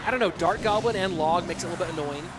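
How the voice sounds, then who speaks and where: Chatty American esports caster. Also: male voice, high-pitched, racing, noisy background. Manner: chatty, reads and answers viewer chat. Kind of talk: live esports commentary with chat banter.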